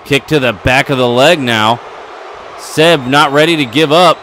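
A man giving excitable play-by-play commentary over a wrestling video game, getting louder at the big moments. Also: medium pitch, measured pace, slight background noise. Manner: excitable, building to yelling at near falls.

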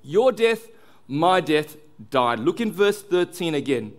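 Man, pastor, sermon, slightly high voice, earnest, drops soft on key words. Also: sing-song, takes it slowly.

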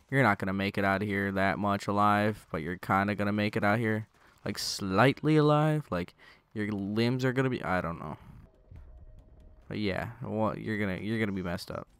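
A man's voice: on the low side, a bit bright, clean tone. A young man giving loose, joking commentary over his own gameplay, swearing and talking to the enemies on screen through a gaming headset. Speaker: gaming channel host.

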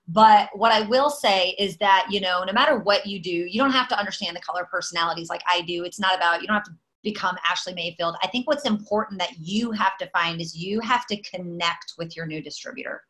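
Bright, animated woman in a casual talk. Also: fairly low pitch, low-quality recording. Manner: animated, emphatic, chatty with many fillers. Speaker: network marketing leader.

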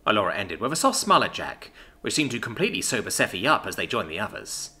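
A man narrating a story in an expressive, storytelling manner. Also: on the low side, fast, few pauses. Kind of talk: scripted narration.

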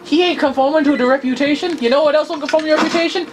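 A young man playing a video game with a friend, excitable and joking around in casual chat. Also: very high-pitched, very fast. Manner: excitable, jokey, breaks into silly bits. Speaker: gamer. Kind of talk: casual let's play chat. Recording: noisy home recording.

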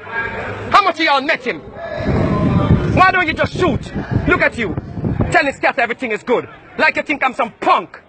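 A man from Jamaica, ranting and shouting confrontationally at people outdoors. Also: extremely high pitch, expressive, moderate pace, pauses often, heavy background noise.

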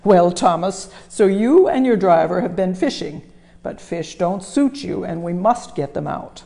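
A woman voicing a loud, hearty male railway boss while reading a storybook aloud. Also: on the low side, expressive, unhurried, vocal fry. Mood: booming.

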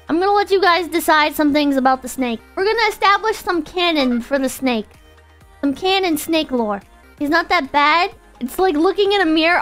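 Excitable, foul-mouthed woman streamer with a lively, very high voice, unhurried between bursts of yelling. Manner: excitable and profane, swinging between loud outbursts and deflated mutters. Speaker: live streamer. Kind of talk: casual live-stream chat with viewers.

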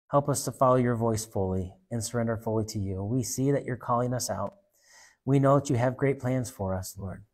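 Earnest male preacher. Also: mid-range voice. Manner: earnest, repetitive, softening to hushed. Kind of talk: sermon with prayer.

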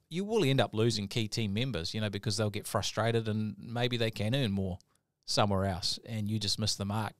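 Energetic New man hosting a podcast. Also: lowish voice, dry recording, clean studio sound. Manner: energetic, acts out quoted voices. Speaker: podcast host. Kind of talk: casual podcast chat.

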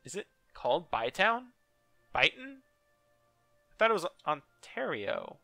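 A young man casually commenting on a strategy game he plays, joking and sarcastic, with excited exclamations. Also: on the high side, a little slow, gravelly, no room sound, faint music behind. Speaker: let's play gamer.

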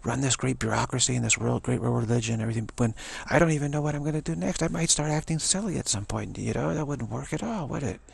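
Man putting on a self-effacing woman teacher, pleading, sorry, gravelly, breathy. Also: mid-range voice, fast, few pauses, pitched above the performer's own voice. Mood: apologetic. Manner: soft, pleading and apologetic.

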